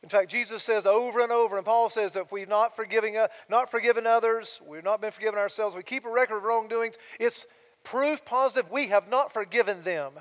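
A middle-aged man, preaching in a high, light voice. He talks in a chatty way, throwing out asides and questions to the congregation. His words ring out with the long reverb of a church sanctuary. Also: brisk. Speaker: pastor. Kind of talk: sermon.

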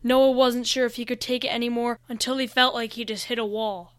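A woman reading a fantasy story aloud with steady, even narration. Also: a little high, fairly quick, dry recording, clean studio sound. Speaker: reader.

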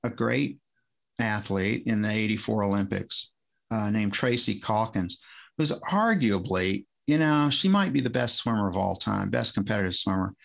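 A man with a gravelly, slightly creaky voice talks casually as a podcast guest. He rambles and restarts his sentences, chuckling now and then as he tells stories about coaching. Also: on the low side, animated, moderate pace, a bit bright. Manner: rambling, self-interrupting, chuckling storyteller. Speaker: former swim coach, guest.

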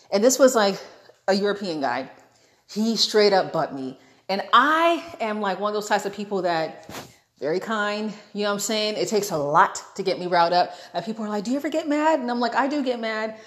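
A young American woman vlogger retelling a travel story in a casual, animated way, acting out what people said. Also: medium pitch, moderate pace. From United States. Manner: animated, dramatic retelling with quoted asides.

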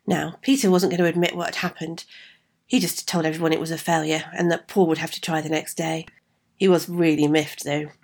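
Woman, slightly low, reads fairy tale aloud, friendly asides. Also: steady tone, fairly quick, darkish tone. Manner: chatty asides to listeners. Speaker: storyteller.

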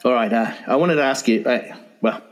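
A man's voice: medium pitch, normal speed, faint music behind, rough recording. A man co-hosting a casual chat, joking around and hedging his words with lots of "uh" and "um". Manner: jokey, hesitant with many fillers.

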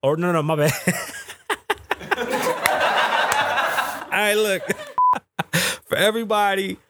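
A man in his thirties hosting a podcast, telling a story in a profane, animated way and acting out the people he quotes. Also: high voice, fast, heavy background noise. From United States. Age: 30s. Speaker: podcast host. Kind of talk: casual storytelling monologue. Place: podcast studio.

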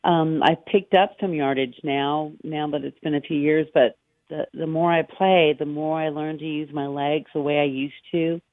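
A woman's voice: sits low, fairly even intonation, moderate pace, dry recording. A middle-aged American woman, a golf professional guest on an interview, telling anecdotes in a chatty, easygoing way over the phone. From United States. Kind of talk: casual interview chat. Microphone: phone call. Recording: dry tinny phone line.

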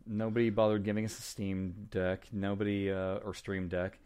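Low-voiced man reminiscing on a podcast. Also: level tone, normal speed, darkish tone, clear, resonant tone. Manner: reminiscing, laughs often, frequent ums. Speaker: podcast co-host. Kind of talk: casual podcast chat.

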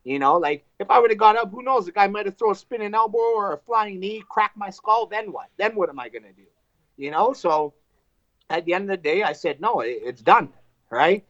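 A man, a fighter, telling a fight story in casual chat, animated and profane, acting out what people said. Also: high voice, brisk, no room sound, dull audio. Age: adult with wife and two kids. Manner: animated, profane, acts out quotes.

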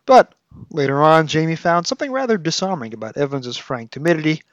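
A man's voice: fairly high pitch, expressive, a little fast, no room sound. Podcast host, man, analytical and wry, reads excerpts; dry, dull lo-fi recording. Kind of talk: book review with read-aloud excerpts.

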